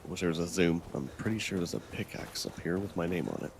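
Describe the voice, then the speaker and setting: A man's voice: low-pitched, quick pace, vocal fry, slight background noise. A man giving loose, rambling let's-play commentary while he plays, thinking aloud and swearing now and then. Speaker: gaming channel host.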